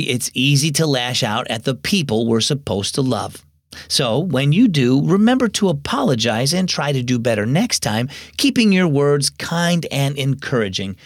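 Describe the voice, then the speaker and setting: A man's voice: mid-range voice, dry recording, studio quality. A man hosting a children's devotional radio show, narrating a story and teaching in a scripted way.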